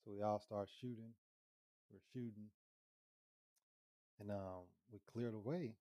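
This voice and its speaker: Low, mellow-voiced man telling a story. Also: a little slow, no echo. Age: adult with children. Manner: animated, swears, acts out his own lines. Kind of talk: casual storytelling.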